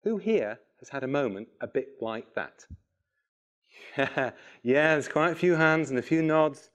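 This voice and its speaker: A middle-aged man giving a lively, self-mocking storytelling talk to a live audience. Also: mid-range voice. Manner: animated, self-mocking, acts out phone calls. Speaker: public speaker.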